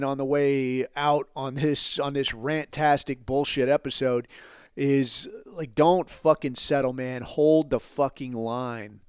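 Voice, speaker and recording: A man's voice: medium pitch, clean tone, dry recording, studio quality. A man hosting his own podcast in a blunt, profane, rambling solo rant, now and then mocking others in put-on quoted voices. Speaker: podcast host.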